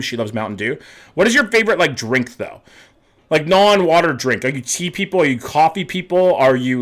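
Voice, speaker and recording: A man's voice: mid-range voice, fairly bright tone. Laid-back young man chatting with his stream. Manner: laid-back, swears casually, greets viewers by name. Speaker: streamer reading chat. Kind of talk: casual livestream chat.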